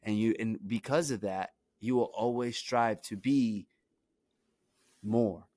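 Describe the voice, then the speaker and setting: A man's voice: fairly low pitch, slow pace, warm tone, dry recording. Young man telling stories, rambling. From Brooklyn, New York. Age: young adult. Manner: rambling, heavy on "you know" and "like" fillers. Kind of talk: casual storytelling.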